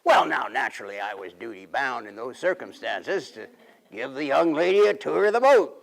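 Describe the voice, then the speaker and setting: A man playing a gravelly 1880s riverboat man. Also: mid-range voice, very animated, normal speed. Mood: folksy. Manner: folksy, rambling storyteller. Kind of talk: period character monologue.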